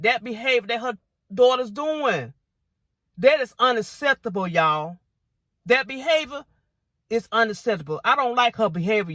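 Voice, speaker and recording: A woman's voice: mid-range voice, a bit bright, no room sound, clean studio sound. A woman vlogger giving indignant reaction commentary on viewer comments, repeating herself and saying y'all often.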